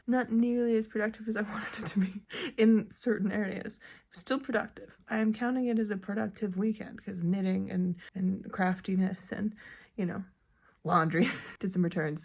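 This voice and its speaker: A woman's voice: medium pitch, steady tone, normal speed, creaky, dry recording. A young woman vlogging in casual chat from her bedroom, rambling and laughing often, sometimes dropping to a whisper. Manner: coos softly in baby talk at her pet. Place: bedroom at home.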